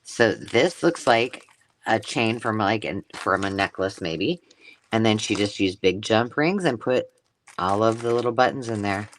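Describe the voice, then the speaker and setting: A woman's voice: extremely low pitch, lively intonation, measured pace, a little hiss or hum. A woman hosting a live craft stream, chatting casually and gushing over mail she unboxes. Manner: gushing and effusive, chatty asides. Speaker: craft channel host.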